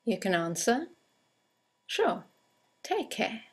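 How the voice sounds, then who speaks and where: A woman narrating a scripted English conversation lesson, reading example greetings aloud with slow, clear delivery. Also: medium pitch, big pitch swings. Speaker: English teacher.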